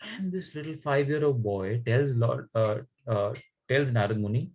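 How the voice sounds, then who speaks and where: A man's voice: mid-range voice, lively intonation, measured pace, darkish tone, poor audio. A man telling a story to children in a conversational way, often asking them questions.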